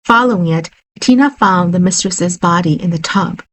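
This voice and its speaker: Woman narrator for a horror story, steady and unhurried, low husky voice. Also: poor audio.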